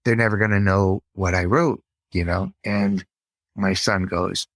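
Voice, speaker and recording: Earnest low-voiced man telling a story. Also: fairly even intonation, no echo. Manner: halting, restarts often, earnest. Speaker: podcast guest. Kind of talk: personal storytelling in conversation.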